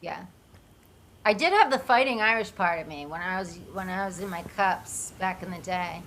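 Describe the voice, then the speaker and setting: A woman's voice: lowish voice, moderate pace, fairly bright tone, slight background noise. A woman comedian from the United States chatting casually as a guest, joking in a rambling, self-deprecating way. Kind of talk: casual chat.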